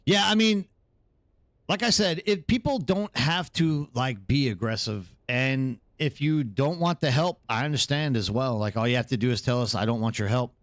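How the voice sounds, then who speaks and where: A man's voice: medium pitch, expressive, moderate pace, dry recording, studio quality. A tired man live streaming, chatting casually and rambling as he answers viewers in the chat.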